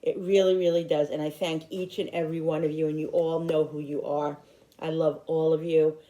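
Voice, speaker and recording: Woman, middle-aged, low mellow voice, heartfelt rambling vlog talk. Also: flat delivery, brisk, highs cut off. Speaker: YouTuber. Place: home in upstate New York.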